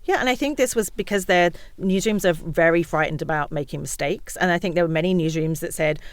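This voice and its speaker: A woman, a misinformation researcher, talking as a podcast guest, lively and often acting out other people's words. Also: on the low side, a little fast, clear, resonant tone, dry recording. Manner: animated, acts out quotes of others. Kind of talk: podcast conversation.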